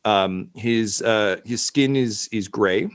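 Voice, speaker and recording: A man's voice: on the low side, takes it slowly, clear, resonant tone, no room sound. A man running a tabletop game as game master, narrating hesitantly with many fillers.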